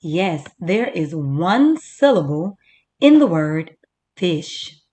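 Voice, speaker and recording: A woman teacher leading a first-grade reading lesson, slowly sounding out words for young children. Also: on the low side, sing-song, mellow.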